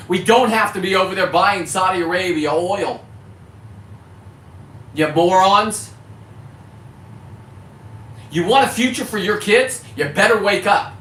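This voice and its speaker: A fired-up man from California rants straight to camera, swearing freely and then scolding himself for it. His fairly high voice has a bright, forceful edge. He sounds set back from the mic in an echoey space with a faint hiss underneath. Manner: heated, profane, self-correcting about cussing. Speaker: fisherman vlogger. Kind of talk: ranting monologue to camera. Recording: echoey, distant mic with faint background noise.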